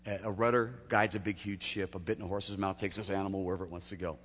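A man's voice: low-pitched, fairly even intonation, fast, fairly bright tone, a little hiss or hum. A man preaching a sermon in a loose, conversational way, talking directly to the congregation. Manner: conversational preaching with acted quotes and laughs. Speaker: pastor. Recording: long hall reverb.

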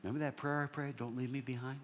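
A man giving a sermon testimony, telling his story in an animated way and dropping to soft whispers. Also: mid-range voice, fast, slight background noise.

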